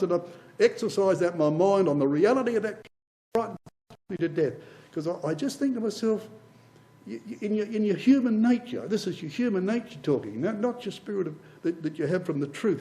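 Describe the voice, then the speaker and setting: Addressing his listeners as brothers and sisters, a man preaches a Bible class with passion, building up through repetition. His voice is high and mellow, and the recording quality is low.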